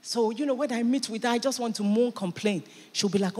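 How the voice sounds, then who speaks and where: A woman pastor preaching a sermon in church, animated and emphatic, with sudden bursts of loudness. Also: on the high side, a little fast, slightly rough, long reverb tail. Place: church hall.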